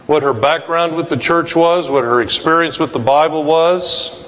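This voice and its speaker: Pastor with a higher voice in a reverberant sanctuary. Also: male voice, steady tone, normal speed, fairly bright tone, slight background noise. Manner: folksy, acts out quoted voices. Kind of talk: sermon with personal storytelling. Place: church sanctuary.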